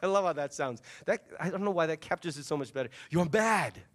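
A man preaching a sermon, telling the story with lively energy and acting out the voices of its people. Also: on the high side, quick pace. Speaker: pastor.

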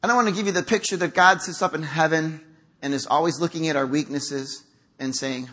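A man's voice: on the high side, brisk, bright, forceful tone. A middle-aged man preaching a conversational sermon in a church, acting out quotes as he goes. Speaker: pastor. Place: church sanctuary.

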